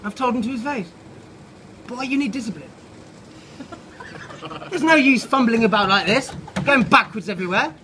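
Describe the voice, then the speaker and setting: A man voicing a barking military male ant sergeant, drilling and questioning briskly, recorded outside a pub. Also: very high-pitched, lively intonation, voice pushed up, heavily acted, low-quality recording. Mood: officious. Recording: loud outdoor background noise. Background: pub chatter and clinking dishes.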